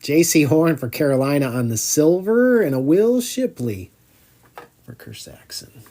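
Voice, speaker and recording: A man's voice: fairly high pitch, animated, normal speed, dark tone. A man hosting a live card break, chatting as he calls out each card and groaning when a pack comes up empty.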